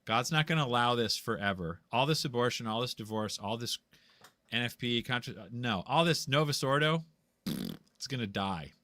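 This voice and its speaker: A man's voice: medium pitch, expressive, moderate pace, bright, forceful tone, no echo. A man in a casual debate, speaking bluntly and insistently in a preachy, lecturing way. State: tired after a long talk. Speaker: guest.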